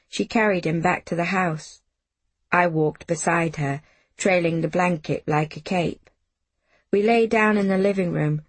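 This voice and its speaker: A woman reads a novel aloud in the first person, unhurried and measured. Her voice is slightly husky and she takes her time over every line. The sound is dry and close, with no room around it. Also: lowish voice, no room sound. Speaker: audiobook narrator. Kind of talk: first-person audiobook narration.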